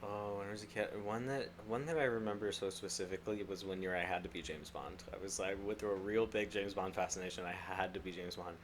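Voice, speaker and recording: A man co-hosting a podcast in casual chat, playful and teasing, quick to laugh. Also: sits low, fairly even intonation, slight background noise. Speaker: podcast co-host.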